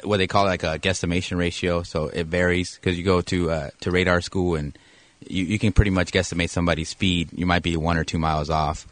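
Man, police officer, halting, matter-of-fact, deep voice, dry sound. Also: fairly even intonation, dry recording. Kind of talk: casual radio interview answers.

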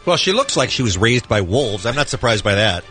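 A man co-hosting a morning radio show in a studio, with dry, wry remarks and quick segment intros. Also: medium pitch, big pitch swings, bright, forceful tone, faint music behind. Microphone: studio microphone.

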